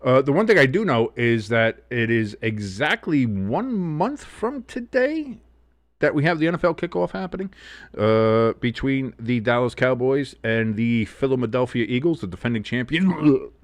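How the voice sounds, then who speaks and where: A man's voice: medium pitch, normal speed, no room sound. A man hosting a casual live sports talk show, rambling and swearing freely with lots of fillers. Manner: rambling, profane, animated.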